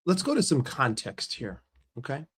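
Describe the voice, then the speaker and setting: A man's voice: mid-range voice, wildly swooping pitch, normal speed, breathy edge. A man ranting as a football fan vlogger, blunt and sarcastic, with swearing and repeated phrases. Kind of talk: casual fan rant to camera.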